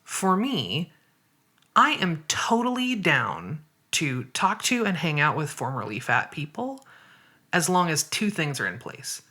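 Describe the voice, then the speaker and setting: A woman's voice: low voice, very animated, unhurried, bright, forceful tone, husky. A woman guest on a podcast interview, explaining her views thoughtfully and step by step. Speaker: guest writer and activist.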